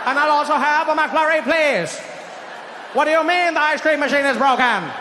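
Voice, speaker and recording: A man putting on a stately, formal president with a slow, grand oratorical cadence, in an echoey hall with some noise. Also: extremely high pitch, bright, forceful tone, voice pushed up. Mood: grandiose.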